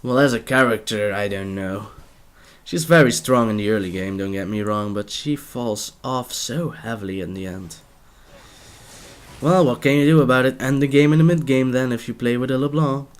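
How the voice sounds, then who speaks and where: A man's voice: mid-range voice, normal speed, smooth. Playful young male esports caster. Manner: playful, jokey asides, trails off mid-sentence. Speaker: game caster. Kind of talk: live esports play-by-play commentary.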